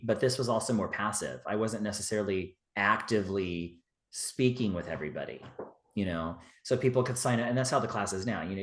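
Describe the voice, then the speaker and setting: A man speaking as a podcast guest in relaxed, rambling conversation, full of "you know" fillers. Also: on the low side. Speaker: guest, witchcraft teacher. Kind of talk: casual interview talk. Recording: roomy echo.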